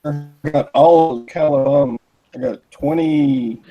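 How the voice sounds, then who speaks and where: A man chatting on a video call, rambling through a list of items with pauses. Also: fairly high pitch, fairly even intonation, no echo, dull audio, faint music behind. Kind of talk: casual chat. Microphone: computer mic on a video call.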